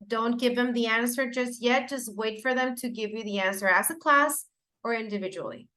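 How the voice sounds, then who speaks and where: A woman's voice: on the high side, moderate pace, bright, forceful tone. A woman whose first language is Spanish, giving a teacher-training lecture in an explanatory way, with fillers and self-corrections.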